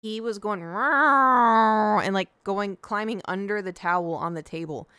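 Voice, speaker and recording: A young woman tells a story on her stream, chatty and animated, jumping in and out of quoted voices. Her voice is smooth and clear, with a dry, close sound. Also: medium pitch, brisk, dry recording. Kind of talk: casual storytelling on a livestream.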